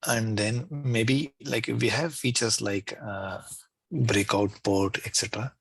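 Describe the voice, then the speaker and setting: A man's voice: fairly low pitch, steady tone, slow pace, vocal fry, breathy edge, no echo. A man on a video call giving tentative review suggestions, with lots of "maybe". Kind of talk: meeting feedback.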